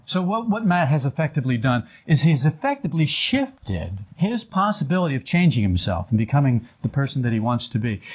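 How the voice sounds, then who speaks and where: A man's voice: medium pitch, breathy edge, dull audio. A man teaching esoteric ideas to a small group in a meeting room, acting out little dialogues with self-mocking humor. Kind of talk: animated talk to a small group. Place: meeting room with a live audience.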